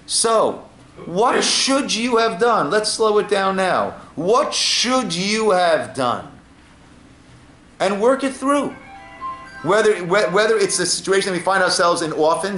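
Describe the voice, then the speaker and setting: A man's voice: a little high, fairly bright tone. A man teaching an informal class as a rabbi, telling stories and checking in with "right?" asides. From United States. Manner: storytelling, frequent "right?" asides. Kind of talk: informal Torah class talk. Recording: echoey room with faint ambience.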